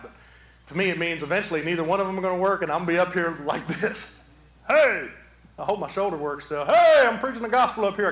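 A man preaching a sermon from the pulpit, animated, swinging from quiet talk to shouting. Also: a little high. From southeastern Michigan. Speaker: pastor. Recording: echoey hall.

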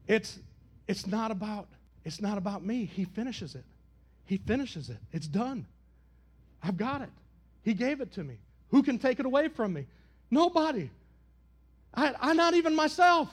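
A man preaching a sermon, swinging between loud, rising calls and quiet, dry asides. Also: extremely high pitch, very animated, moderate pace, pauses often. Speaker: pastor.

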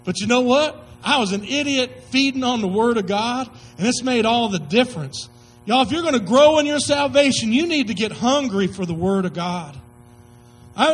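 A man's voice: extremely high pitch, fairly bright tone, low-quality recording. A male pastor preaching a sermon, telling stories in folksy slang with emphatic delivery.

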